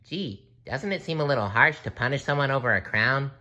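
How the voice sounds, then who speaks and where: A man voicing an eager, excitable young sea sponge in a storybook reading, squealing and cheerful. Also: medium pitch, brisk, pitched above the performer's own voice.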